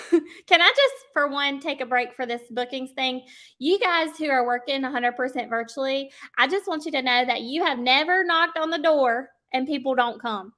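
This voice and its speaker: A woman's voice: high-pitched, sharp tone. A woman giving a casual sales coaching talk, chatty and checking in with her listeners often. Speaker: sales trainer.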